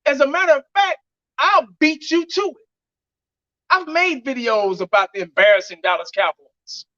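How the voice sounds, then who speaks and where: A man's voice: very high-pitched, normal speed, pushed and bright. A man giving blunt, heated fan commentary on his vlog, laughing mockingly as he rants. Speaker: fan vlogger. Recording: dull lo-fi audio.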